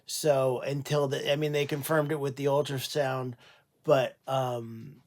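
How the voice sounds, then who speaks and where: A man who runs an animal sanctuary, talking casually on a livestream, tired and unwell, halting with many fillers and restarts. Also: medium pitch, little pitch movement.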